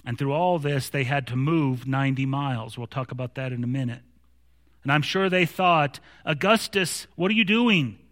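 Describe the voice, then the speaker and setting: A man's voice: medium pitch, normal speed, big-room sound. A man preaching a sermon as pastor, telling stories with mounting animation and frequent restarts. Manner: storytelling with growing animation, many restarts.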